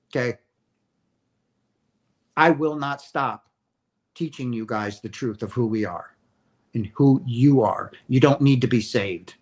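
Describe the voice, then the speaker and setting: An emphatic man speaks straight to his livestream viewers in a loose, animated way. His voice sits a little high for a man, and he keeps checking in with a quick "right?" as he talks. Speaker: livestream host sharing near-death experience views. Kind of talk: casual livestream talk to viewers. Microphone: streaming setup mic.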